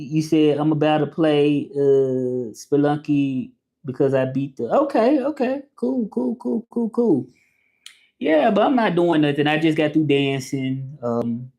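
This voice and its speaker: A man's voice: medium pitch, darkish tone. Chatty Southern man live-streaming. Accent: Southern American. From American South. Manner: loose and chatty, drops short French phrases and translates them; greets chat viewers by name. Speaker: vlogger live-streaming to followers. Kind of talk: casual live-stream chat.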